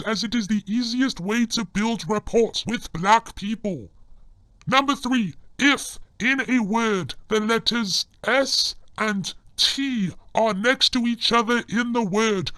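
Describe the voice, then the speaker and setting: A man giving scripted comedic narration in a formal, deadpan manner. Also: very high-pitched, dry recording.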